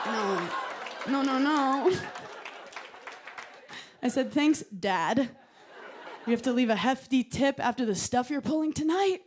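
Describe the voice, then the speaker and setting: A woman in her thirties doing a stand-up comedy set on a television studio stage, with a punchy deadpan delivery. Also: sits high, unhurried, pauses often, some chatter behind. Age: 30s. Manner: punchy deadpan delivery, acting out quoted voices.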